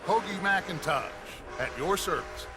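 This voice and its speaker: An actor playing a charismatic middle-aged outlaw gang leader who talks in a theatrical, persuasive way. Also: male voice, sits high, animated, a little slow, music in the background. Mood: charming. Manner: theatrical, persuasive, smooth-talking. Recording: game audio with loud ambient noise.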